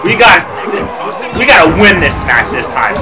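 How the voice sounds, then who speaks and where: A man whose voice swings high and wide as he yells at a wrestling game he keeps losing. His voice is hoarse from shouting, and loud game music plays under him. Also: big pitch swings, moderate pace, over a noisy crowd, rough recording. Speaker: let's play gamer. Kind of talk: frustrated gameplay commentary.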